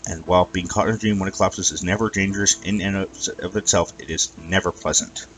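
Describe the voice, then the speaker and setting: Low-voiced man reading a story. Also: fast, rough recording. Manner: even storytelling read-aloud with some stumbles. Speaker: narrator. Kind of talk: fan fiction reading.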